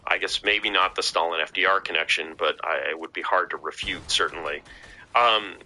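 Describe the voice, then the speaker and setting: A man's voice: sits low, moderate pace, pushed and bright, rough recording. A man talking as a podcast guest in casual conversation, rambling with many fillers and restarts.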